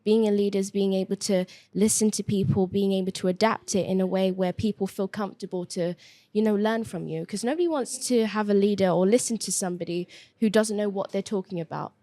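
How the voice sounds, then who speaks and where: A woman's voice: mid-range voice, a little fast, dark tone. A young woman from the UK, a family guest on a podcast, speaking in an earnest, slightly hesitant way. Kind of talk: casual discussion.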